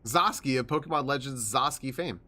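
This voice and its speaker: Over game music and a noisy background, a man with a medium-pitched, slightly fast voice streams a video game. He chats casually, laughs often, and reads the game's lines aloud.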